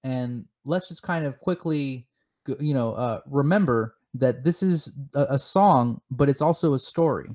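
On a comedic chat show, this podcast co-host offers mock-serious theories in a deadpan delivery, stopping and restarting often. He has a mid-range voice.

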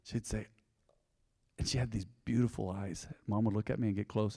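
A man in his forties preaching a sermon to his congregation, folksy and direct, swinging between loud emphasis and quiet intensity. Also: on the low side, steady tone, a little fast, gravelly. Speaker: pastor. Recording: long hall reverb.

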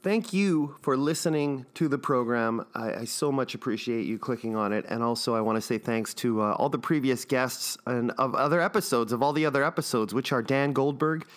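A man hosting a podcast, rambling through plugs and shout-outs with jokes and plenty of fillers. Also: mid-range voice, a little fast, hardly any pauses. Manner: rambling, jokey, many fillers. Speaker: podcast host. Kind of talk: casual podcast intro.

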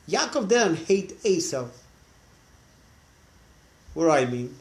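A man teaching a religious class who tells stories animatedly, acting out the characters, with frequent restarts. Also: fairly high pitch. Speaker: Torah teacher.

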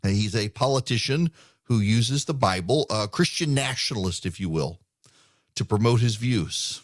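A man's voice: fairly low pitch, expressive, moderate pace, dry recording, clean studio sound. A man hosting a political talk radio show, speaking emphatically and often repeating words as he starts a sentence. He grew up in the United Arab Emirates.

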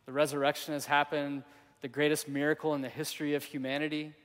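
A male pastor preaching a sermon in a church hall, his fairly high voice carrying with a long reverb. He tells a story and acts out the quotes, swinging between loud bursts and hushed stretches. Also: little pitch movement, fast.

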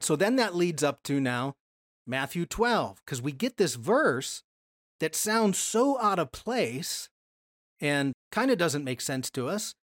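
A Bible study teacher giving a casual lesson from slides, asking questions and answering them, and slowing down to stress key words. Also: mid-range voice, dry recording, studio quality. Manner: explains patiently, often asks questions and then answers them.

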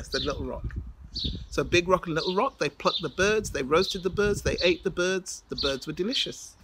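A woman's voice: deep voice, big pitch swings, normal speed, noisy background. Rhythmic woman telling a folk tale. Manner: rhythmic, repetitive, dramatic build-ups. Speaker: storyteller.

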